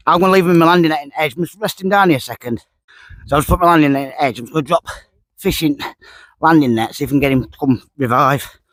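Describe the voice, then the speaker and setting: A man's voice: a little high, fast talker, fairly bright tone, dry recording. Chatty man fishing outdoors. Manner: chatty, drops articles, repeats himself. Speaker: fishing vlogger. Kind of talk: casual talk to camera while fishing. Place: lakeside outdoors.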